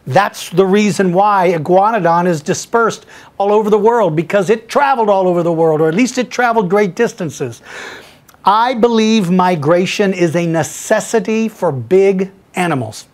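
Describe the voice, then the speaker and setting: A man's voice: sits high, normal speed. A middle-aged man hosting a podcast, chatting casually and enthusiastically as he answers listener questions, laughing easily. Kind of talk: casual Q&A chat, reading emails aloud.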